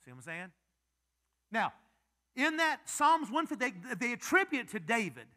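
A male pastor delivering a sermon in a notably high, bright voice, cracking jokes and firing questions at his congregation. His pitch swings widely as he preaches. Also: normal speed. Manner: animated, joking, quizzing the congregation.

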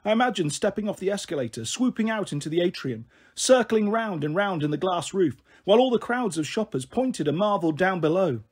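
Male audiobook reader, husky, animated first-person narration. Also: sits high, a little fast, hardly any pauses. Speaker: storyteller. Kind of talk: audiobook reading of a children's novel.

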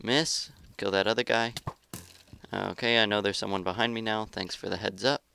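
A man with a lowish, gravelly voice calls out his own match as he plays. He is excitable, taunts opponents and grumbles about lag in casual gameplay commentary. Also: moderate pace. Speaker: gaming YouTuber.

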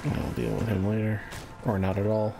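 A man giving relaxed, casual commentary as he plays a game on a live stream, muttering to himself as he goes. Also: fairly low pitch, moderate pace, vocal fry. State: a little out of breath. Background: game music.

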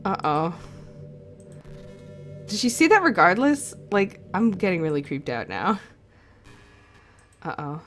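A woman's voice: lowish voice, big pitch swings, slow pace, long pauses, a bit bright, faint music behind. A young woman playing a game and commenting on it, jumpy and nervous, often laughing. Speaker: let's play host.

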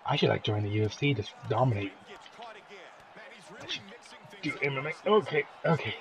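A man's voice: mid-range voice, lively intonation, quick pace, highs cut off, a crowd in the background. A young man commentating his own fighting-game match, swearing and joking at the computer opponent. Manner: loud, profane, jokey trash talk at the game. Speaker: gaming video host. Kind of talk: profane gameplay commentary.

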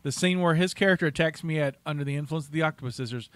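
A man co-hosts a casual movie podcast, his voice sitting a little high for a man. He is close on the mic in a completely dry sound. He talks through movie trivia in a chatty way, trips over names and laughs at his own jokes. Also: fast talker, a bit bright, no echo.

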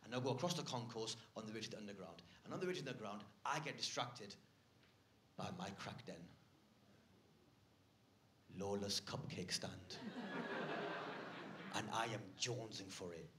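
A man performing live stand-up, swinging from muttered asides to loud rants. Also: lowish voice, normal speed, pauses often, background noise. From United Kingdom. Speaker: stand-up comedian. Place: theatre stage.

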